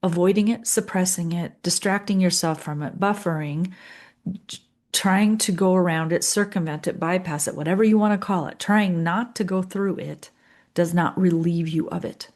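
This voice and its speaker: Empathetic woman coach, slightly low voice. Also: normal speed. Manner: gentle, empathetic, with repetition and lists. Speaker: leadership coach. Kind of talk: coaching podcast monologue.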